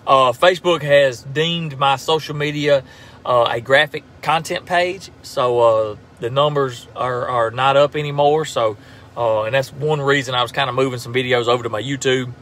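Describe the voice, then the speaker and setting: A man's voice: mid-range voice, a bit bright, slight background noise. Laid-back Southern man on a lunch break. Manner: laid-back drawl with frequent laughs and fillers. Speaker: turkey hunter and call maker, social media host. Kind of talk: casual live-stream chat.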